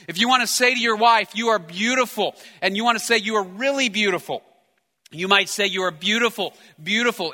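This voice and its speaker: A man preaching a sermon as pastor, earnest, slowing and softening when he reads scripture. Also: high-pitched, big-room sound. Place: church sanctuary.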